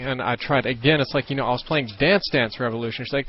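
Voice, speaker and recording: A man's voice: mid-range voice, quick pace, hardly any pauses. A young man telling a rambling story while commenting on gameplay, swearing often and correcting himself as he goes. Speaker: gaming commentator. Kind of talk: casual storytelling over gameplay. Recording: dull lo-fi recording.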